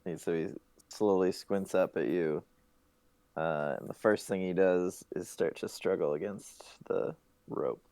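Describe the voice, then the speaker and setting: A man running a tabletop game as game master, narrating in a halting, hesitant way over an online call. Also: low voice, warm tone, no echo.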